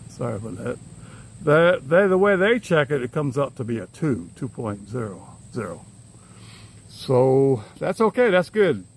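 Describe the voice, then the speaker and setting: An older man chats loosely to his phone while walking around his yard. His voice sits at an ordinary middle pitch, and his talk meanders with easy chuckles. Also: sing-song, a little slow, gravelly, slight background noise. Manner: rambling, easygoing, chuckles often. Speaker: vlogger. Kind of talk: casual chat to camera. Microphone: handheld phone camera.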